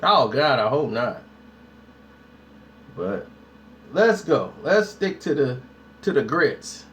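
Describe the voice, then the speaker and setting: A man's voice: mid-range voice, very animated, takes it slowly, a bit bright, slight background noise. A man hosting a casual live stream, talking straight to his viewers in a slangy, hyped way. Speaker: YouTube host.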